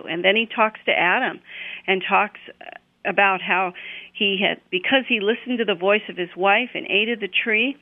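A woman talks through a scripture passage on a radio program, unhurried and full of small restarts. Her voice comes through a thin, phone-like line with no room echo behind it. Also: mid-range voice. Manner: unhurried, with frequent fillers and restarts. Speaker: Bible teacher on a radio program. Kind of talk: conversational scripture retelling.

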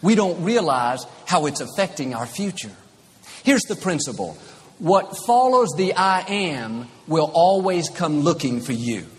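Male preacher, slightly high voice, emphatic sermon delivery, reverberant hall, faint ambience. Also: sing-song, measured pace. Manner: emphatic, repetitive.

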